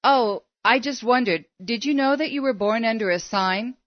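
A woman's voice: a little high, normal speed, no echo, pitched above the performer's own voice, close to an everyday voice. A persistent middle-aged astrologer woman in a storybook, read by a woman, coaxing and insistent in her questions. The sound is dry and somewhat dull and lo-fi.

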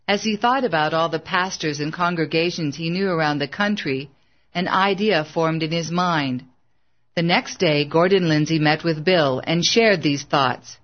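An audiobook narrator reads in an even, measured way. The voice sits at a medium pitch. The recording is a bit dull and lo-fi.

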